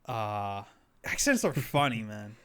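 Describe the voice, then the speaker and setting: A man's voice: fairly low pitch, animated, takes it slowly, fairly bright tone, smooth. A man co-hosting a podcast, rambling casually with lots of fillers and chuckles. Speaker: podcast co-host. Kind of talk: casual chat.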